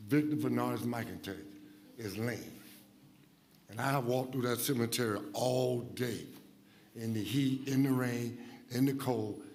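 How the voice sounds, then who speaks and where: A man giving an emotional, halting public comment at a city meeting, trailing off quietly. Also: medium pitch, slight background noise.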